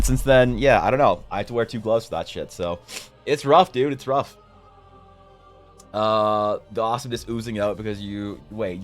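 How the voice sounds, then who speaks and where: A young man on a live art stream, telling a rambling, self-mocking story with some casual swearing. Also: medium pitch. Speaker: streamer and artist. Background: faint music.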